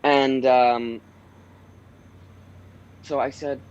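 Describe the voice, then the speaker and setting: A relaxed man with a lowish voice talks through his work in a loose, meandering way, full of ums and false starts. The sound is a bit muffled and dull, like a lo-fi remote call. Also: normal speed, a little hiss or hum. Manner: relaxed, rambling, many "um"s and restarts. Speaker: voice actor guest. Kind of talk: casual interview chat. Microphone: home recording booth.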